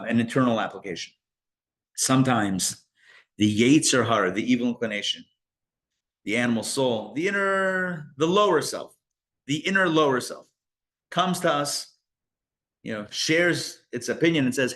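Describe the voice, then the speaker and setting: Speaking at normal speed in a mid-range voice, this male rabbi leads a live Torah class. His manner is lively and conversational, packed with rhetorical questions and side remarks.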